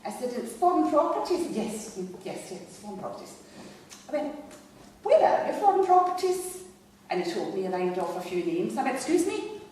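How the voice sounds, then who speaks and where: A woman's voice: high-pitched, big pitch swings, a little fast, warm tone. A woman telling comic stories at a live event, chatty and digressive, laughing at her own lines. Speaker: storyteller at a live comedy night. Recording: echoey hall, distant mic, faint noise.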